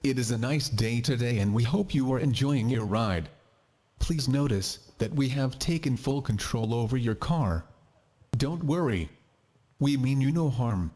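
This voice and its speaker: A man's voice: mid-range voice, unhurried, pitched below the performer's own voice. A man voicing a mechanical, overly courteous hacker's voice coming through a car radio. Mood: coldly polite. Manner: overly courteous, flat, machine-like.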